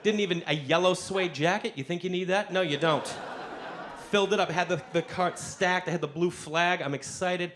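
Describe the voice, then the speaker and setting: A man's voice: high voice, normal speed, background noise. A man on stage telling a long comic story to a live audience, acting out the voices of the people in it. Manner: animated, acts out voices of people in his story. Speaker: stand-up comedian. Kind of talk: stand-up storytelling.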